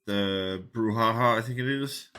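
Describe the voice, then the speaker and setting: A man's voice: fairly low pitch, unhurried, sharp tone, smooth. A man co-hosting a podcast in casual chat, rambling with fillers and swearing, a little sick. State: sick, coughing. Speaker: podcast co-host.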